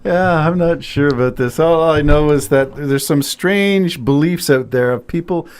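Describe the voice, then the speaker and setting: A man's voice: fairly high pitch, measured pace, darkish tone, clean tone. A retired man co-hosting a casual talk show, joking and easygoing. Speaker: podcast co-host. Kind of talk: casual chat.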